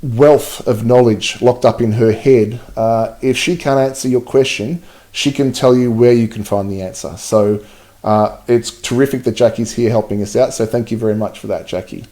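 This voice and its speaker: Man, mellow tone, casual live-stream host, chatty, laughs a lot. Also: medium pitch, steady tone, normal speed. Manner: chatty, reads out viewer comments, laughs often. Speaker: livestream host.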